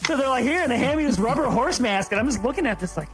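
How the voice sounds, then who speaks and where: High-voiced guy rambling through a wild school story, swears a lot, music going behind him. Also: very animated, very fast, few pauses. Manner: rowdy, profane, laughing a lot. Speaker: podcast host telling a story. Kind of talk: casual storytelling chat.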